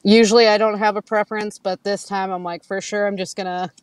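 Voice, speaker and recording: A woman in her thirties chatting casually, telling lively stories and acting out quotes with frequent laughter. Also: medium pitch, fairly quick, low-quality recording. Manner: animated storytelling, acts out quotes, laughs often. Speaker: guest. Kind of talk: casual chat.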